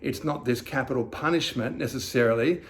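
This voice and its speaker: A man giving a slow, reflective devotional sermon as a pastor, reading scripture aloud and asking the listener questions. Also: medium pitch.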